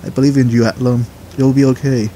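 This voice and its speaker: A man voicing a calm older master who speaks in a measured, reassuring way. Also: mid-range voice, slight background noise, close to an everyday voice. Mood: steady. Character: calm older male master, steady mentor.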